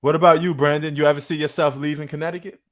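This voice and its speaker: A man's voice: fairly high pitch, flat delivery, racing. A man from Queens with a New York accent, hosting a casual sports podcast in a laid-back, slangy way. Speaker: podcast host.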